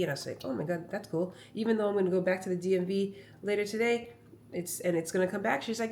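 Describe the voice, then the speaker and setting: Chatty low-voiced woman vlogger. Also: quick pace, hardly any pauses, a little hiss or hum. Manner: chatty, rambling, animated storytelling. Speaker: comedian vlogger. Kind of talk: casual vlog monologue. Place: at home. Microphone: phone camera.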